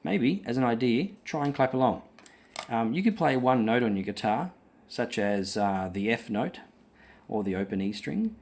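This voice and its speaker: A man's voice: medium pitch, expressive, moderate pace, a little mellow. A man teaching guitar rhythm in an online lesson, explaining patiently with frequent ums and counting the beats aloud.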